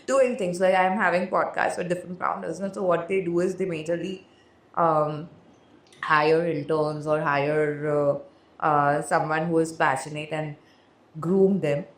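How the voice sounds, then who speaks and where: A woman's voice: low-pitched, fairly even intonation, a little slow, roomy sound. A woman hosting a podcast, talking in a loose, rambling way. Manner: rambling, many fillers, laughs often. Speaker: podcast host. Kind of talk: casual interview chat.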